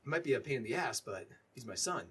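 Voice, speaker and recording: A man voicing a flustered male police captain in a tabletop game, who talks in a hurried, stammering and apologetic way. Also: medium pitch, lively intonation, fairly bright tone, husky.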